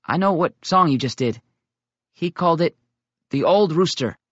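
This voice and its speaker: A man's voice: on the high side, expressive, normal speed, no room sound, highs cut off, voice pushed up. A man voicing a shy but earnest teenage boy in an audiobook, speaking hesitantly.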